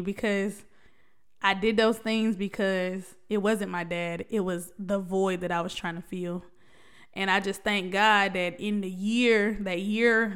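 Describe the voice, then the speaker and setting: Talking openly to her viewers about her faith and life, a young woman shares a personal story in a smooth, slightly bright mid-range voice. She gets emotional and testifies, frequently laughing and starting over.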